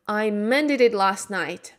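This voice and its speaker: A woman voicing a kindly old male wizard in a slow storybook reading, with brisk cheerful orders. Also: medium pitch, expressive.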